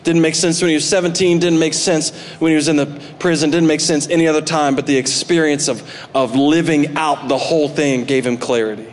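A male pastor preaching a sermon, animated, swinging between loud emphatic bursts and soft asides. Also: a little high, a little fast, a little hiss or hum. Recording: long hall reverb.

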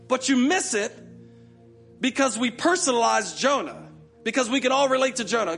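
Impassioned high-voiced male pastor. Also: big pitch swings, a bit bright, husky, soft background music. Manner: impassioned, acts out prayers in quick repeated bursts. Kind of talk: sermon.

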